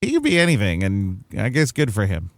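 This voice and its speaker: A man's voice: lowish voice, wildly swooping pitch, brisk, dry recording. A young man with a Californian accent, co-hosting a casual movie review podcast, rambling, laughing and swearing now and then. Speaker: podcast co-host.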